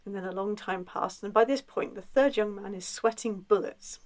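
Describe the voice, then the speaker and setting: A woman telling a spooky folk tale in a relaxed, chatty way, with frequent filler sounds. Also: mid-range voice, moderate pace, poor audio. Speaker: storyteller. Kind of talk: conversational folklore storytelling.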